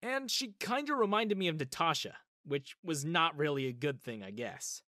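A woman storyteller narrating a story in the first person as a young man, in an animated manner. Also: low voice, moderate pace, no room sound, studio quality.

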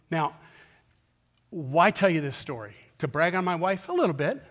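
Middle-aged male pastor, high-pitched voice, anecdotal, emphatic sermon delivery. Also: lively intonation, moderate pace, a bit bright. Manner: anecdotal and emphatic, with rhythmic repetition. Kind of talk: conversational sermon storytelling.

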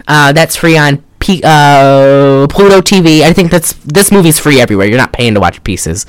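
Podcast co-host, casual movie chat, rambling, excitable, frequent swearing, middle pitch, dry recording. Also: normal speed, clean tone, no room sound.

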